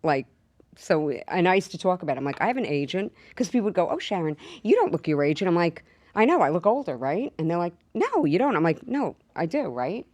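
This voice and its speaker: A woman in her sixties co-hosting a podcast, a lively storyteller who acts out both sides of conversations. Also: fairly low pitch, quick pace, no room sound. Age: 60s. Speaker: podcast co-host. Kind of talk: casual chat.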